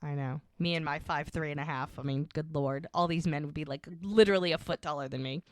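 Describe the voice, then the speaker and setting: Podcast co-host, woman, low voice, dry close sound, chatty recap acting out quotes. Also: fast talker, dry recording. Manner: retells scenes acting out quotes. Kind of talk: casual recap chat.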